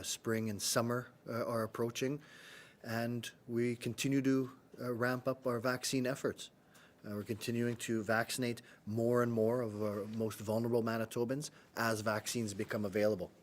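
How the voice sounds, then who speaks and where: A middle-aged man gives a steady, matter-of-fact public health update. His low voice barely rises or falls, and his sentences are dotted with filler sounds. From Canada. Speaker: chief medical officer of health.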